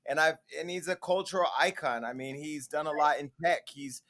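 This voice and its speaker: A man with a slightly higher-than-average voice hosts an interview. He asks direct questions and then lays out his own side in a measured, fair-minded way. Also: fairly bright tone. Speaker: host and interviewer.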